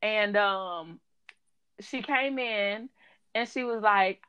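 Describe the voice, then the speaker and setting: A woman who works in mental health, telling animated stories in casual chat, laughing often and quoting people. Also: mid-range voice, a little slow, clean tone.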